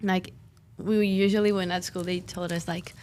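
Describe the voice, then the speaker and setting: Spanish teen exchange student, chatty explainer, faint room hiss behind. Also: female voice, fairly low pitch, little pitch movement, normal speed, darkish tone. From Spain. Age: teens. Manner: chatty, explains with many "like" fillers.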